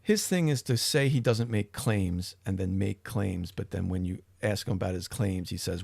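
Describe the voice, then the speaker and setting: A man's voice: low-pitched, moderate pace, vocal fry, few pauses, a little mellow, dry recording. A middle-aged man hosting a livestream, chatting casually and rambling with frequent restarts and swearing. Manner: rambling, profane, self-interrupting. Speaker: livestream host.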